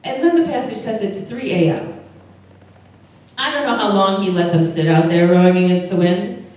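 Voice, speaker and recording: A woman's voice: medium pitch, moderate pace, darkish tone. Chatty woman pastor in an echoey hall. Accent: Upper Midwest American. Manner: chatty, asks the congregation questions. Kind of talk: conversational sermon with audience questions. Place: church service room. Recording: very echoey room, voice from far off.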